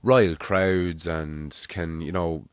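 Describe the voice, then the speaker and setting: Deep-voiced man, swearing freely. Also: takes it slowly, clean tone, no room sound. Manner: relaxed, swears freely, tells examples. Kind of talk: casual podcast chat. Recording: dull, dry sound.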